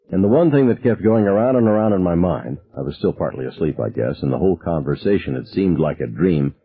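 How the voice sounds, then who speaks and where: A man reading a novel aloud as a first-person narrator, in a measured, somber storytelling manner. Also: low voice, slightly rough. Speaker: audiobook narrator. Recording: narrow phone-like sound.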